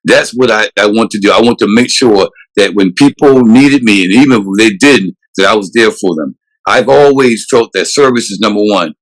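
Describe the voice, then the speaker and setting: A police chief from South Carolina, USA answers interview questions earnestly and emphatically, frequently restarting his sentences. His voice is fairly low at normal speed, on a low-quality recording.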